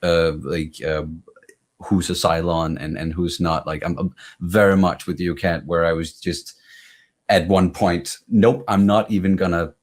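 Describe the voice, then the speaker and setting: Deep-voiced Danish man, halting. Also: level tone. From Denmark. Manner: halting, with many restarts and fillers. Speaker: guest reactor on a panel. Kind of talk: casual panel discussion.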